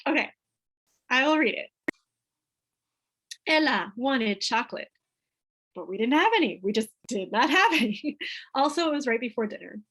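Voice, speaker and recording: A woman's voice: fairly high pitch, animated, normal speed, pauses often, a bit bright, breathy edge, rough recording. Chatty woman leading a parent workshop. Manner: chatty, keeps asking "right?". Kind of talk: teaching a parent group.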